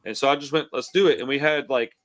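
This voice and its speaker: A man's voice: mid-range voice, fast talker, a bit bright. A man in his forties hosting a podcast, chatting in a laid-back, rambling, profane way over a computer call. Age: 40s. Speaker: podcast host. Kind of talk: casual podcast chat. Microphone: computer call mic.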